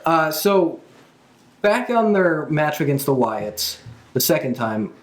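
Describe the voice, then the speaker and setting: A laid-back co-host chats about the week's events in a plain, agreeable way. The voice sits in a middle pitch and rings off the walls of the room. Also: big pitch swings, slow pace. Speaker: podcast co-host. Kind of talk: casual chat. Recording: echoey room.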